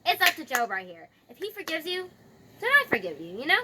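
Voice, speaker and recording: A woman's voice: high voice, wildly swooping pitch, brisk, background noise, pitched above the performer's own voice. A woman voicing God as a boastful, all-powerful man who talks in casual slang. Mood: scolding. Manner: chatty slangy retelling, bragging.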